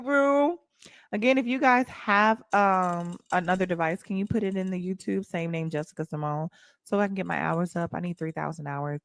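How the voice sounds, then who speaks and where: Hosting a relaxed livestream, a young woman with an African American Vernacular English accent talks back to her viewers' chat with plenty of sass. Her voice is on the low side yet fairly bright, recorded dry.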